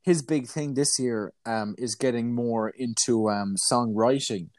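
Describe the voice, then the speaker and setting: A man's voice: mid-range voice, measured pace, darkish tone, dry recording. A nineteen-year-old man with a Galway Irish accent, a singer guesting on a podcast, chatting in a giggly, self-mocking way. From Ireland. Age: late teens. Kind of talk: casual chat.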